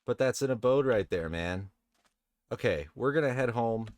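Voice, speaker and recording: A man giving relaxed, casual commentary while playing a video game, chatting to the game characters and swearing now and then. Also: medium pitch, moderate pace. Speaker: let's play host.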